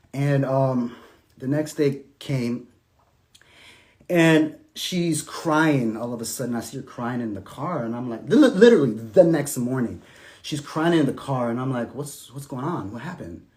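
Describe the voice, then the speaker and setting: A man talking casually and emphatically about his marriage, sometimes dropping to a soft, low tone as he recounts events. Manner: animated and emphatic, sinking to soft, low tones when recounting. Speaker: estranged husband telling his side. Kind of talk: casual monologue.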